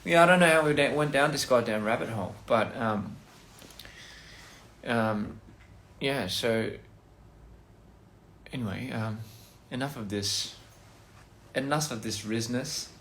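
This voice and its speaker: A man's voice: medium pitch, measured pace, pauses often, fairly bright tone, roomy sound, a little hiss or hum. Man rambling playfully on a livestream. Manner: goofy, rambling wordplay, laughs at own jokes. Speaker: livestream host. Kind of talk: casual livestream chat.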